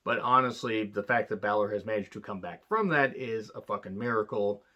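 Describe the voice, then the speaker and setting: A man's voice: fairly low pitch, brisk, pushed and bright, dull audio. A man giving a casual, profane wrestling review, blunt and sarcastic, rambling with restarts.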